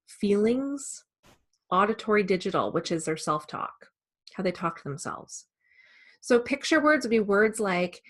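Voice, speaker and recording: Female sales coach, mid-range voice, steady explanatory presenter tone. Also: mid-range voice. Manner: calm, measured, explanatory. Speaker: sales trainer. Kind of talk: instructional presentation.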